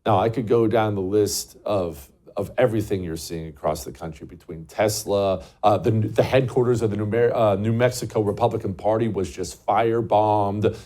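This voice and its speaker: A man's voice: fairly low pitch, moderate pace, hardly any pauses, dark tone. A man hosting a talk show, delivering an emphatic, scornful political monologue and repeating words for stress.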